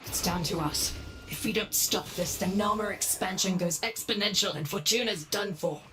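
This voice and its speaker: A woman's voice: mid-range voice, normal speed, over music, natural voice. An actress playing a determined female rebel ally in a game, speaking grimly and urgently.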